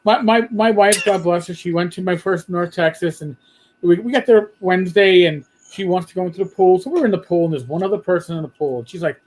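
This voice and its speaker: A man's voice: high-pitched, fairly quick, low-quality recording. A man hosting a livestream chat, telling a story and quoting others. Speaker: podcast host.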